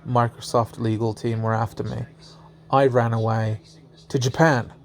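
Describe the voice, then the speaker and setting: A man's voice: medium pitch, level tone, normal speed, vocal fry. A young man casually telling a strange story as a vlogger, laughing often and swearing freely.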